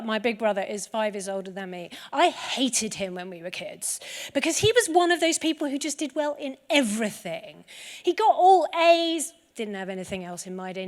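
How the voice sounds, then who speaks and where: A woman giving a talk to a live audience and telling stories in a lively way. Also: fairly high pitch, in a large hall. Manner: lively storytelling. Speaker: conference speaker.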